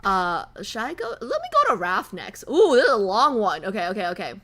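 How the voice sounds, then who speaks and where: Bright, lively young woman streamer. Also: medium pitch, fairly quick. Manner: nervous, rambling, lots of repeated okays. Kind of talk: casual live-stream chat.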